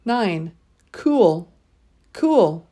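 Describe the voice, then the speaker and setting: A woman leading a pronunciation drill, saying each word twice and pausing so listeners can repeat. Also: medium pitch, sing-song, dark tone. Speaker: pronunciation teacher.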